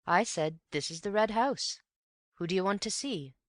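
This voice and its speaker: A woman's voice: medium pitch, animated, moderate pace, no room sound, studio quality, voice pushed up, natural voice. A woman voicing an older male lodge-keeper who speaks in plain rustic phrases and keeps saying "sir.". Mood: earnest, wary. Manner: rustic speech, deferential "sir".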